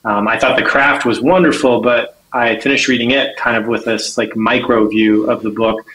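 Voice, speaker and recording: A man on a panel giving a measured, slightly hesitant critique of a book submission. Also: medium pitch, fairly even intonation, fairly bright tone, rough recording. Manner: measured, a bit hesitant, with fillers. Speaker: guest panelist. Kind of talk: casual critique.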